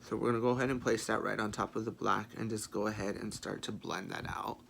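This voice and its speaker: A man chatting through a makeup tutorial in a sassy, playful way, swearing freely and muttering quiet asides to himself. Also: on the low side, steady tone, fast, vocal fry, noisy background. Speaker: makeup vlogger.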